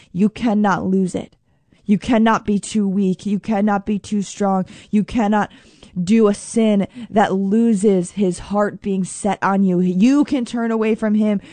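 A woman preaching a sermon in an earnest, emphatic way. She repeats key phrases and slows down to stress them. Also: medium pitch, dark tone, dry recording.

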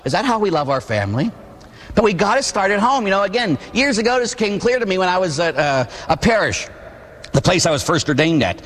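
A fairly high, fairly bright male voice belongs to a Pittsburgh-born Catholic priest in his 40s. Preaching in a church that adds long reverb, he tells personal stories, tosses in humorous asides, and habitually uses tag questions.

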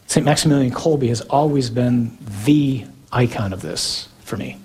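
A man preaching a sermon in an earnest, emphatic way, with slow, deliberate pauses between phrases. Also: mid-range voice, darkish tone, slightly rough.

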